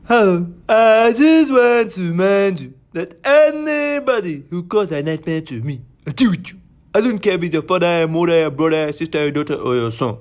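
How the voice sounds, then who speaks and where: A man's voice: high-pitched, animated, moderate pace, voice pushed up. A man voicing a stern Nigerian man with a put-on Nigerian accent, issuing warnings.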